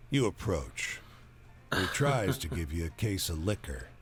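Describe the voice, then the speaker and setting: A man narrates a game story in a slow, measured way. His low voice rises and falls expressively, with faint music underneath. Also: sing-song. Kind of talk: scripted narration.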